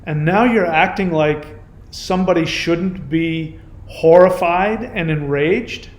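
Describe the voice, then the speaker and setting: A man's voice: fairly high pitch, slow. A man hosting his own channel, delivering an impassioned reaction monologue in an emphatic, indignant, repetitive way. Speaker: YouTube channel host. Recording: roomy echo.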